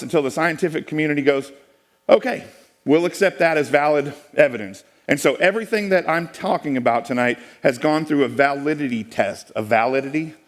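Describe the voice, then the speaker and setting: A man giving a folksy, joking presentation to a live audience, with many restarts. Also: a little high. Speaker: speaker giving a talk.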